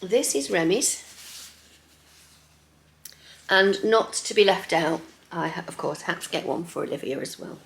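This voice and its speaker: A middle-aged woman chatting casually in her sewing vlog, lively and chatty, sometimes dropping to a soft near-whisper. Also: lowish voice, measured pace, creaky, long pauses. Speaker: sewing vlogger.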